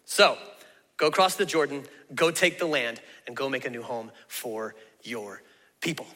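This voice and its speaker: Bright-voiced preacher in a reverberant hall. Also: male voice, medium pitch, expressive, moderate pace. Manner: conversational, folksy preaching with emphatic asides. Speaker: pastor. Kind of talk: sermon.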